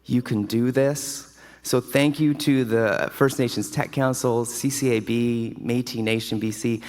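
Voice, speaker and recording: Male award recipient, mid-pitched, chatty and storytelling, in a reverberant ballroom. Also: steady tone, unhurried, a little mellow. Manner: casual, storytelling, enthusiastic. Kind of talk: award acceptance speech. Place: large hotel ballroom. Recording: long hall reverb.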